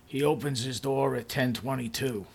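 A man's voice: medium pitch, steady tone, moderate pace, creaky, breathy edge. A man reading a first-person story in a dry, matter-of-fact way.

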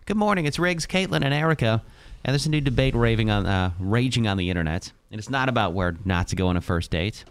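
Lively, joking male radio host. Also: mid-range voice, fast, clean tone. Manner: animated, joking, talkative. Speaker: morning radio show host. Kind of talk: casual studio banter. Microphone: studio microphone.

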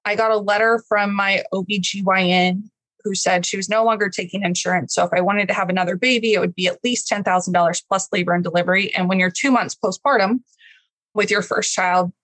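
A woman from Texas in her thirties tells her own story as an interview guest. She speaks in an earnest, emotional way at an ordinary pitch. The sound is close and dry, with no room around it. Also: fairly even intonation, brisk, a bit bright, no room sound, low-quality recording. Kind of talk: candid personal story in an interview.

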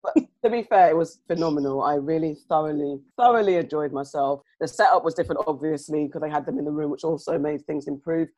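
A woman's voice: deep voice, fast, few pauses, mellow. A woman co-hosting a podcast, chatting casually and thinking aloud with many asides. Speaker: podcast co-host. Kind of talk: casual chat.

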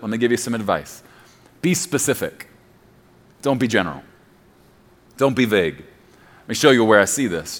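A middle-aged male pastor with a medium-pitched voice gives a conversational sermon. He drops to a soft murmur whenever he quotes prayers or apologies.

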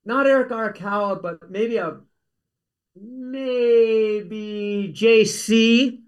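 Casual storyteller guy, talks high, jumps around, acts out everyone. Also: drawn-out words, clean tone, highs cut off. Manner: animated, acts out quotes, rambling asides. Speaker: guest, actor.

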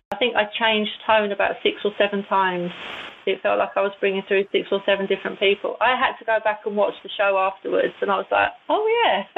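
A woman, a guest on an interview, telling stories in a chatty, animated way with frequent laughs. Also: mid-range voice, gravelly. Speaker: guest, intuitive and channeler. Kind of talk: casual storytelling in an interview. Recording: tinny phone-like line with faint hiss.

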